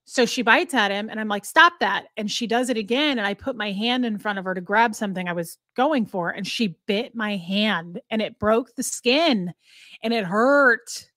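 A woman hosting a casual livestream chat, telling stories in a chatty way and cooing softly to her dog at home. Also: medium pitch, moderate pace, no room sound, studio quality. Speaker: livestream host.

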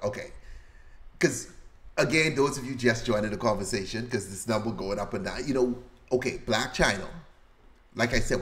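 A man's voice: fairly low pitch, a bit bright. A man from the Bahamas hosting a casual livestream, reading out viewer comments in a loose, joking, slangy way and laughing often. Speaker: livestream host.

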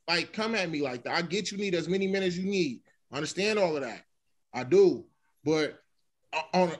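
A man co-hosting a podcast, earnest and worked up, asking rhetorical questions and repeating himself. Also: sits high. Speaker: podcast co-host. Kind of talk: casual discussion.

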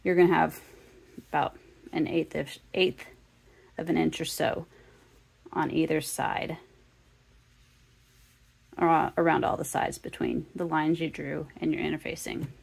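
A woman's voice: sits low, fairly even intonation, a little slow, creaky, long pauses, a little mellow, breathy edge. A woman teaching a sewing tutorial, casually talking the viewer through each step. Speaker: sewing instructor.

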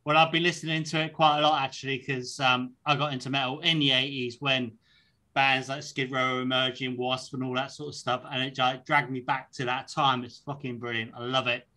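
A man's voice: mid-range voice, level tone, fairly quick, pushed and bright. A middle-aged English man from Devon with a mixed English accent, hosting a casual interview, chatty and swearing freely. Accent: English, mixed southwest and northeast. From Devon, England. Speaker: host.

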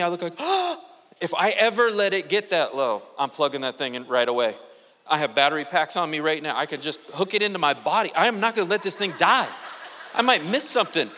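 A male pastor preaching a sermon to a congregation, animated and joking, with playful asides to the crowd. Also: high-pitched. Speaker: guest pastor. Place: church sanctuary. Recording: long reverb of a large church hall.

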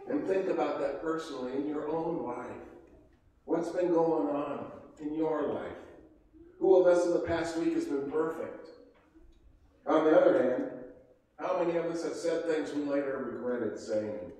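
A male pastor preaching to his congregation, full of rhetorical questions. His voice is mellow and dark, with a slightly raised pitch. It rings through a large church hall, picked up from some distance with faint room ambience. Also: measured pace. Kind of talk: sermon. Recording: echoey hall from far off.

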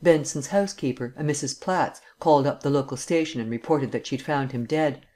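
Surly forties police sergeant, gruff and curt, read by a man, audiobook. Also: medium pitch, brisk, a little mellow, close to an everyday voice. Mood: matter-of-fact. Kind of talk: audiobook reading.

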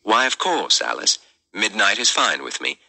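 A man voicing a polished British gentleman in disguise, speaking in a courteous, formal manner. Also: lowish voice, very animated, normal speed, vocal fry, pitched above the performer's own voice, full character voice.

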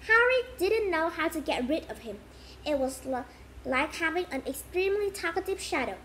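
A woman reads a children's novel aloud as an amateur audiobook. Her voice is high and bright, and she often goes back to restart a phrase. Faint noise sits behind her. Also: expressive, moderate pace, poor audio.

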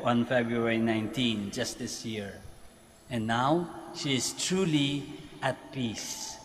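Filipino priest preaching in a reverberant basilica. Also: male voice, medium pitch, a little hiss or hum. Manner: switches between Tagalog and English, repeats phrases for emphasis. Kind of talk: homily at Mass. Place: large basilica church. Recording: long church reverb, faint ambience.

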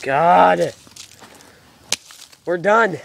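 A young man in an amateur outdoor video drama, excitable and swearing as he plans aloud in the woods. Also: high-pitched, extremely slow, vocal fry. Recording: outdoor camera mic with faint noise.

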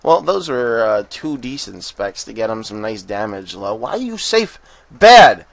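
A man giving casual gameplay commentary, excitable and profane, often bursting into rapid panicked strings of "no" and laughing. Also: on the low side, vocal fry, no echo. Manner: swears freely and laughs often. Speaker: game commentator.

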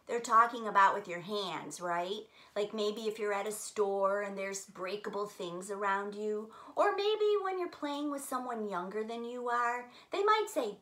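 A middle-aged woman giving a gentle Bible lesson to children, speaking slowly and warmly to her young listeners. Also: on the high side. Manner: slow, gentle, animated talk to children.

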